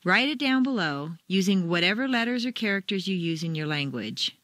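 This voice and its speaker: A woman reading a scripted pronunciation lesson, clear and deliberate as she demonstrates where the stress falls. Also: on the low side, expressive, fairly bright tone, dry recording. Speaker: accent coach. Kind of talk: scripted instructional narration.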